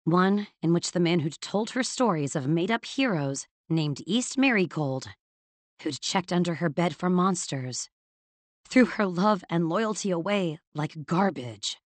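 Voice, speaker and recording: Female audiobook narrator, low-set voice, measured dramatic reading, dry studio sound. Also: animated, no echo. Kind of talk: scripted fantasy narration.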